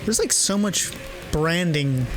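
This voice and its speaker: A man's voice: a little high, expressive, takes it slowly, music in the background. A man casually talking through a horror video game, thinking aloud and swearing freely. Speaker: gamer playing a horror game. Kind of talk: casual gameplay commentary.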